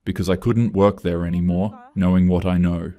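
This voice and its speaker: A man reading the lines of a nervous, quiet woman who speaks with urgency. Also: extremely low pitch, fairly even intonation, moderate pace. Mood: urgent. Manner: hushed, urgent. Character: nervous quiet young woman, former coworker.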